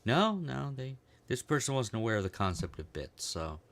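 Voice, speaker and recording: A man's voice: medium pitch, sing-song, normal speed, fairly bright tone, dry recording. A man co-hosting a casual comedy podcast, laid-back and swearing, laughing often. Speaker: podcast co-host.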